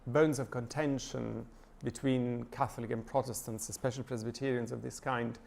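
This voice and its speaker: Halting man lecturing, gravelly voice. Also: medium pitch, fairly even intonation, darkish tone. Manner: thoughtful, many hesitations and fillers. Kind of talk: lecture reading and analyzing a poem. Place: church lecture.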